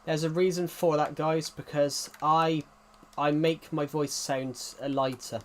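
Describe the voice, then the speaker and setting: A man's voice: a little high, steady tone, a little slow. A man chatting casually to viewers on a live game stream, rambling and repeating his phrases as he talks. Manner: talks directly to viewers as "guys". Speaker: gaming streamer.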